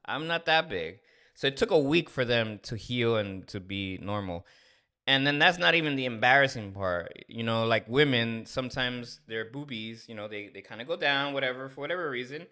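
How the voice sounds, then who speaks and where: Candid storytelling man with a bright voice. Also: mid-range voice, normal speed. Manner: candid, animated, acts out dialogue. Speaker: podcast co-host. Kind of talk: casual storytelling.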